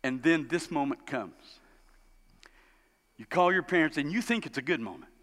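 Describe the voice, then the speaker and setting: A man preaching a sermon as a pastor, animated and storytelling, acting out the people he describes. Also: moderate pace. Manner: animated, acts out quoted parents in high voices. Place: church sanctuary. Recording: long hall reverb.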